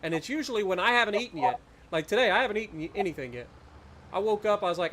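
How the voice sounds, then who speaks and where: A man's voice: high-pitched, lively intonation, very fast, a bit bright, slight background noise. A man hosting a live game stream, chatting casually and telling self-deprecating stories. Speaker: streamer host. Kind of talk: casual chat while streaming a farming game.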